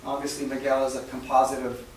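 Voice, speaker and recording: A man preaching a sermon as a story, soft-spoken and halting, with many fillers and repeated words. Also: medium pitch, level tone. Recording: very echoey hall, mic far off, faint noise.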